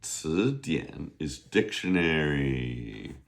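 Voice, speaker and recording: A man teaching Mandarin in a casual online lesson, joking around, spelling out words and drawing them out slowly for learners to repeat. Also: a bass voice, lively intonation, creaky. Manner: playful, jokey, sings to himself; slow, drawn-out model pronunciation. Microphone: camera on a desk.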